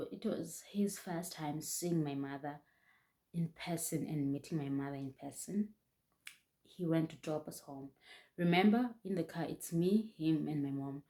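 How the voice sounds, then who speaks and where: Tearful young woman with a low, mellow voice. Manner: halting, restarts often, voice rising and breaking with emotion. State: close to tears. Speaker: vlogger. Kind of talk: emotional personal storytelling.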